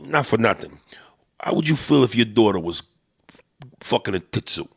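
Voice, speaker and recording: A man's voice: on the low side, animated, moderate pace, gravelly, slightly rough, no room sound, studio quality, heavily acted. A man voicing a crude, blunt old-school Italian-American man with a New York Italian-American accent, profane and brash. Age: older.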